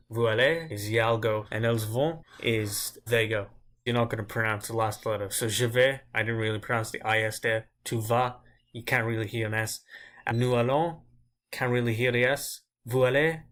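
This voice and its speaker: A man teaching grammar as a language teacher, explaining step by step and slowing down to drill each example word. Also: medium pitch, a bit bright. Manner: slow, deliberate drilling of example words.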